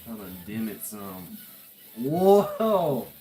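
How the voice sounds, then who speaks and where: A young woman with a very deep voice trades jokes on a home livestream. Her pitch leaps around in lively swings and she bursts out loudly now and then, with faint music underneath. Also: drawn-out words. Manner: joking, playful banter with sudden loud outbursts. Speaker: livestream co-host. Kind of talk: casual chat.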